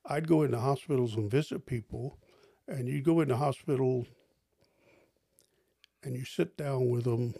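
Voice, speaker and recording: Gravelly older man telling stories. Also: moderate pace, dry recording. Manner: animated storyteller, jumps high for quoted lines. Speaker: pastor. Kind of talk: storytelling interview.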